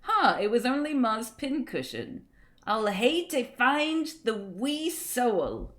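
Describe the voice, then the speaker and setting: A woman's voice: a little high, sing-song, slow pace, a bit bright, pitched above the performer's own voice, exaggerated voice. A woman voicing chirpy Scottish comic-strip characters in a put-on Scottish accent, with a bouncy, exaggerated read-aloud manner. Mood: hammy cheerful.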